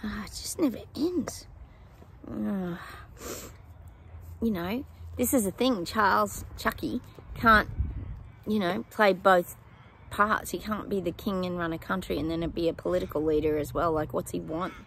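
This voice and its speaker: A woman's voice: on the low side, steady tone, moderate pace, gravelly, a bit bright, a little hiss or hum. A woman giving psychic predictions to her viewers in a casual, chatty way, with many ums and apologetic asides.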